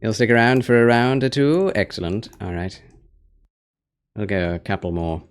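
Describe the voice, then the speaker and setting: A tired young man gently chatting with viewers while streaming a game, soft-spoken and reading chat. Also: fairly low pitch, fairly even intonation, normal speed, smooth. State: fatigued. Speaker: gaming streamer. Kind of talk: live gaming stream chat.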